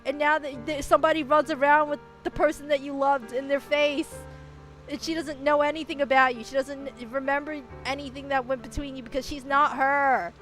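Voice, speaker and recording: A woman's voice: high-pitched, flat delivery, fairly quick, a bit bright, soft background music. A woman streamer giving casual game commentary, chatty and swearing, swinging into emotional rants.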